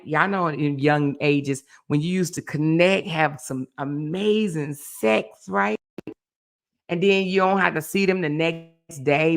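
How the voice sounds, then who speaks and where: Bright-voiced woman hosting a chatty livestream. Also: lowish voice. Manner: animated, teasing, reads viewer comments aloud. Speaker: livestream host. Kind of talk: casual chat with live viewers.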